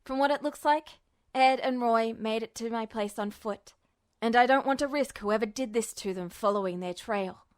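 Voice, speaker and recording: A woman reading the lines of a worried man, an officer and protective husband, in a low, subdued murmur. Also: moderate pace, clear, resonant tone. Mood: grim, subdued.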